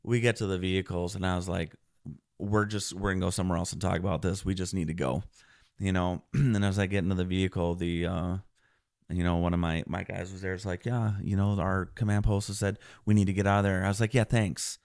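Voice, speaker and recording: A man, a military veteran, recounting his deployment in an earnest podcast interview, often clearing his throat and restarting sentences. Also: low-pitched, little pitch movement, quick pace, darkish tone, no echo, studio quality.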